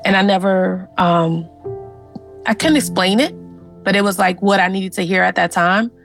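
A woman's voice: medium pitch, normal speed, creaky, over music, low-quality recording. A woman from Louisiana in an interview, earnestly telling a personal story about her family and ancestors. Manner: earnest and animated, with fillers. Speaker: interviewee, genealogist.

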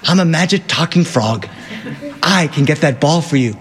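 A man's voice: fairly high pitch, animated, normal speed, close to an everyday voice. A man voicing a hideous, pushy male frog who bargains insistently in a storytelling tale. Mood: demanding.

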